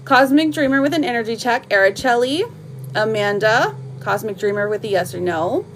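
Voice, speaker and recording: A woman reading tarot cards on a live stream, chatting casually and warmly with lots of fillers and slang. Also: fairly high pitch, normal speed, a little hiss or hum.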